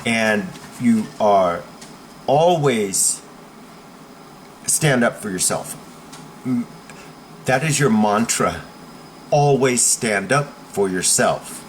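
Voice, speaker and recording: A man's voice: fairly low pitch, lively intonation, drawn-out words, pauses often, a little hiss or hum. A man coaching viewers in a blunt, emphatic talk, often checking in with "okay?". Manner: forceful, blunt instruction. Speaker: self-defense coach.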